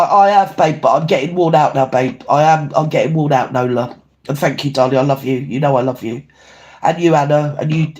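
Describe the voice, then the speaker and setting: A man's voice: on the high side, darkish tone, lightly acted. A man playing a gossipy older grandmother who hosts a livestream, chatting with viewers and calling them babe and darling. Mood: affectionate. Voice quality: chatty, calls everyone babe and darling, ranting. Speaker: livestream host. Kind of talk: livestream chat reading comments.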